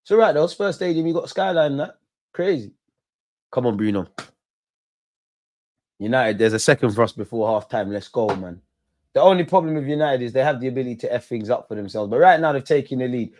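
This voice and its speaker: A young man doing a live football watch-along, shouting at players and the referee in slangy banter. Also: medium pitch, expressive, a little fast, long pauses.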